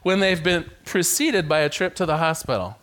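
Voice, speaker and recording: Lively, animated male minister preaching. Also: a little high, moderate pace. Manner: animated, playful, with repeated stammered restarts. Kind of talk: sermon.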